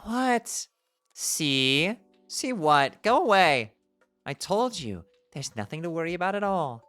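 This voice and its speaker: A man's voice: a little high, big pitch swings, slow, a bit bright, faint music behind, voice pushed up, exaggerated voice. A man doing a frazzled, cranky teenage girl. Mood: upset. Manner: exasperated, whiny. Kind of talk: reading a webcomic aloud.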